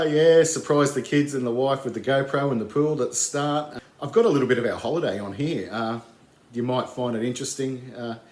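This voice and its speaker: A man's voice: mid-range voice, slight background noise. A middle-aged man with an Australian accent giving an easygoing vlog update, rambling with plenty of fillers. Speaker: vlogger. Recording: roomy echo.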